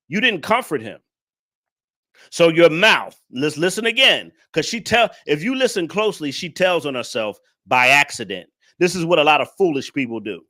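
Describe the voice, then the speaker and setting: Bright-voiced man lecturing his audience. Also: a little high, animated, normal speed. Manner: preachy, lecturing, repeats points; addresses the audience directly. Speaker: commentary host. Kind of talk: reaction commentary on a clip.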